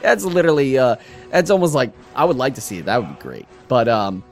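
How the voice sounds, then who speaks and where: Animated man on a podcast. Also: medium pitch, a little fast, music in the background. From United States. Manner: animated, laughing, acts out quotes. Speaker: podcast co-host. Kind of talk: casual chat.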